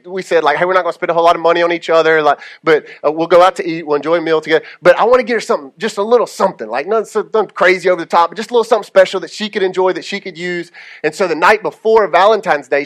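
High-voiced male pastor, chatty sermon. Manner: conversational storytelling with frequent "okay?" check-ins; drops to slow, soft delivery for prayers. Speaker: lead pastor.

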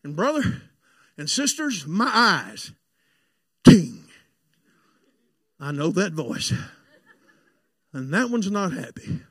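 A pastor preaching a sermon and telling a personal story, fervent and confiding by turns. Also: male voice, sits high, sing-song, slow, long pauses, slightly rough, no room sound. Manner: fervent, swings between shouted preaching and hushed confiding storytelling.

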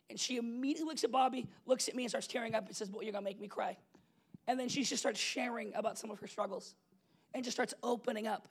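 A young adult man preaching a casual, story-driven sermon as pastor, animated and conversational, laughing often and checking in with the congregation. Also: very high-pitched, slightly rough. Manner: animated, conversational, laughs often, asks "you know what I'm saying?".

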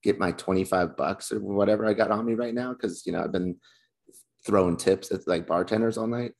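Deep-voiced man telling loose stories. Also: a little fast, gravelly, darkish tone. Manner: loose, swearing, laughing storyteller. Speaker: podcast co-host. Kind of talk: casual chat.

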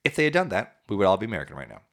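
A man's voice: fairly low pitch, very animated, very fast, a bit bright. A man hosting a casual history podcast, telling events with jokes and acting out historical figures in silly voices.

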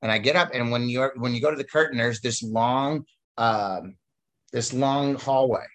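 A man's voice: medium pitch, normal speed. A man telling long, rambling stories about his wrestling days in casual chat, full of fillers and restarts. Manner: rambling, animated storytelling with many fillers.

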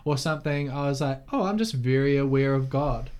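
A man's voice: medium pitch, brisk, darkish tone. A young man hosting a podcast, telling a personal story in a chatty, emotional way full of fillers. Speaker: podcast host. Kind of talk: casual podcast conversation.

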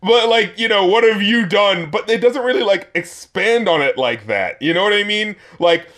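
A man's voice: sits high, expressive, moderate pace, fairly bright tone. A man chatting casually, rambling and mocking, swearing freely and laughing often, with many "like" fillers. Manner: profane, rambling, lots of "like" fillers. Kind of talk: casual chat.

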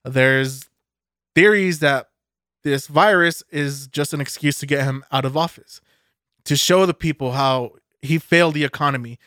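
A man's voice: a little high, moderate pace, sharp tone, no room sound, studio quality. A man co-hosting a podcast, ranting cynically in casual chat and swearing heavily. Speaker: podcast co-host. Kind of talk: casual profane rant.

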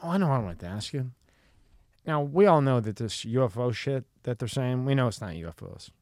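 A man's voice: mid-range voice, lively intonation, fairly quick, darkish tone, no echo, clean studio sound. A man in casual chat, blunt and profane, who keeps asking questions and tells his own stories.

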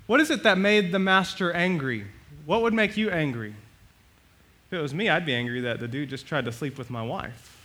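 Man, pastor, sermon, bright forceful voice, fairly high, lively delivery. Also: moderate pace. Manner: animated, swings loud and soft, acts out quotes.

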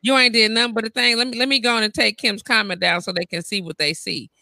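A woman hosting a live-stream talk show from bed, teasing her guest and reading viewer comments aloud in loud, joking banter. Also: fairly high pitch, fairly even intonation, quick pace, creaky, no room sound. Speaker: livestream talk show host.

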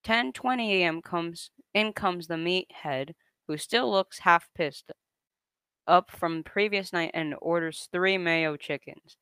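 A man's voice: high voice, slow pace, pushed and bright, clean tone, dry recording. A young man casually reading an online story aloud to a co-host, often breaking into laughter as he reads.

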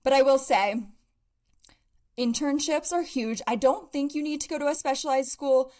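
Young female podcast host, upbeat casual chat, bit winded, higher register. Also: normal speed, a little mellow. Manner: chatty, upbeat, laughs often. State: out of breath.

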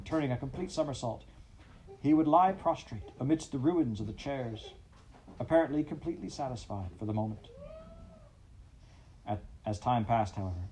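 A man reading a classic storybook aloud in a measured, expressive way. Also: mid-range voice, a little hiss or hum, poor audio. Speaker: audiobook narrator.

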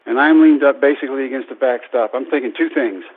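Guy in his 30s telling his story, pokes fun at himself, mid-pitched voice, tinny radio sound. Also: fast talker. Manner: self-deprecating, animated storyteller. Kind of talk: storytelling speech.

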